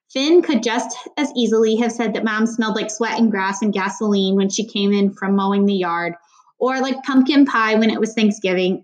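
A woman's voice: medium pitch, low-quality recording. A woman reading a children's novel aloud, with small slips and restarts. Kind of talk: audiobook narration of a children's novel.

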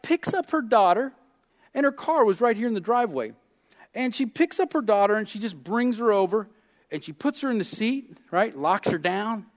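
A man preaching a sermon as pastor, telling stories with lively swings between loud and soft. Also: high voice.

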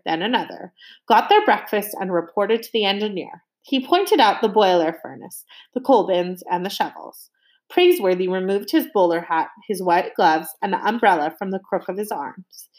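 A woman narrating a children's adventure novel aloud in an expressive, animated reading. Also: mid-range voice, poor audio. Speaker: audiobook narrator. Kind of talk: storybook narration.

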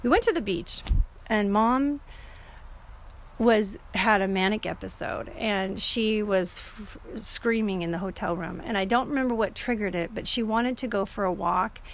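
A woman's voice: medium pitch, a little slow. A middle-aged woman telling a personal story in a casual, earnest and emotional way, often restarting her sentences.

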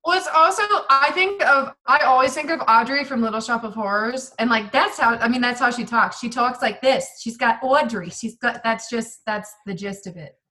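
A woman's voice: fairly high pitch, normal speed, few pauses, pushed and bright. A woman, a local actress, chatting casually on a podcast in a bubbly way with lots of fillers. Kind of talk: casual chat.

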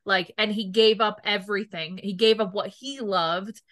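Woman co-host, excitable fan, rambling gush, bright and forceful tone. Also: mid-range voice, normal speed, no echo, studio quality. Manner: gushing, rambling, lots of 'like'. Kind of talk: casual fan chat.

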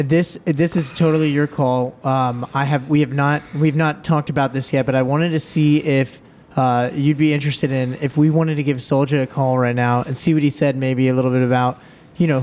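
Slightly high-voiced male podcast host. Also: darkish tone. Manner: halting, restarts often while asking. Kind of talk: interview questions.

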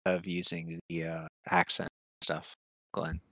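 A man with a low voice talks hesitantly, pausing on fillers while he hunts for the right word. The recording is close and dry. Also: completely flat delivery, sharp tone, no echo. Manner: hesitant, searching for words with many fillers. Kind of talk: casual podcast chat.

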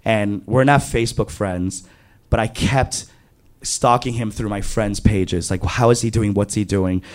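A man in his thirties telling a candid, confessional true story on stage, animated in his retelling. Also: lowish voice, measured pace. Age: 30s. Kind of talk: live true-story monologue.

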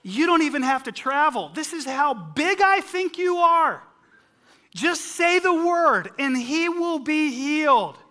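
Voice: high-pitched, animated, slow, pushed and bright, voice pushed up, full character voice. A preacher acting out a Roman centurion who speaks with rising, emphatic conviction. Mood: earnest. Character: confident Roman centurion officer, earnest.

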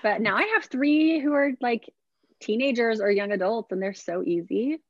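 Woman, 40s, podcast guest, animated storyteller, slightly dull, dry recording. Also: a little high, normal speed, dry recording. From Ohio, USA. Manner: animated storyteller, lively laughs. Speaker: guest health coach. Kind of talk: casual chat.

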